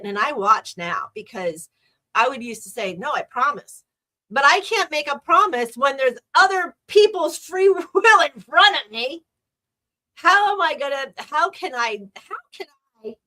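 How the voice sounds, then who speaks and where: A woman's voice: a little high, pushed and bright. A woman hosting a podcast, talking in a chatty, rambling and enthusiastic way. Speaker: podcast host. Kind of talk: casual solo podcast talk.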